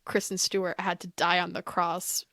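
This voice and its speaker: A woman talking as a podcast guest in a casual chat, animated and opinionated, with lots of "like". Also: lowish voice, moderate pace, dry recording. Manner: animated, opinionated, heavy use of "like".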